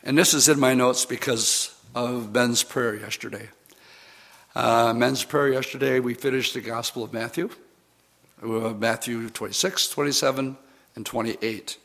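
A man's voice: mid-range voice, unhurried, gravelly, fairly bright tone. A man preaching a sermon, retelling scripture in a conversational, storytelling way with casual fillers.

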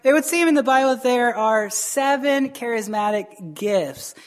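Male pastor, conversational sermon, talks to the congregation like friends, throws in quick acted lines. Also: extremely high pitch, lively intonation, soft background music. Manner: chatty, keeps asking "right?" and acts out quick voices.

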